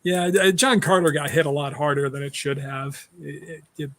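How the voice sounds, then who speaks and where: A man's voice: a little high, normal speed, a bit bright, no echo. Blunt, opinionated man, dry close sound. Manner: blunt and opinionated, laughing often. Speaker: podcast co-host. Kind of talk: casual movie discussion.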